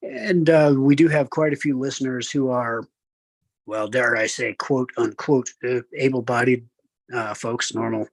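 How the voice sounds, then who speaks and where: An older male host works through sponsor reads in a loose, rambling way, padding them with fillers and poking fun at himself. His voice is slightly husky, and it sounds close and dry. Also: medium pitch, steady tone, a little slow, dry recording. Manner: rambling, self-deprecating, lots of fillers. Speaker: radio host. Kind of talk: casual talk show hosting and sponsor reads.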